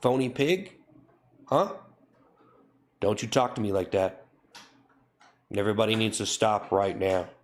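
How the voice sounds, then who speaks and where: A man with a fairly low voice, hosting a comedy live stream. He keeps scolding his chat over and over in a mock-stern tone. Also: a little slow, pauses often. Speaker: livestreamer.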